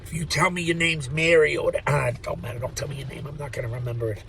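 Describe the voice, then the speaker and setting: A man's voice: mid-range voice, fast, gravelly, bright, forceful tone, slight background noise, poor audio. A man who works at a post office, rambling in an opinionated monologue to the camera, swearing freely and laughing at his own jokes. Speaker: postal worker vlogger.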